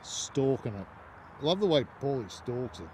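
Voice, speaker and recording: A man's voice: medium pitch, very animated, unhurried, noisy background. An Australian man making brief, encouraging remarks during a round of golf outdoors. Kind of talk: casual golf chat.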